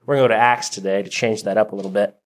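Soft-spoken man preaching a sermon. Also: lowish voice, fairly even intonation, very fast. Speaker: pastor.

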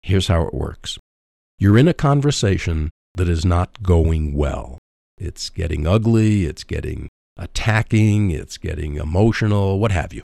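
Middle-aged man, emphatic faith-based advice host; low gravelly voice, dry close mic. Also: expressive, dark tone, no echo. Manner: emphatic, preacherly, pauses for emphasis. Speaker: radio program host.

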